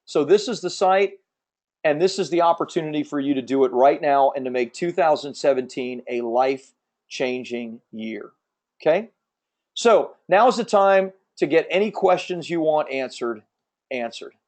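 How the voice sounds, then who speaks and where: Emphatic salesman hosting a webinar, fairly high. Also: moderate pace, darkish tone. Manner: emphatic, persuasive salesman, repeats key points; reads and answers audience questions from chat. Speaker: webinar host selling publishing services. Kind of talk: live sales webinar pitch.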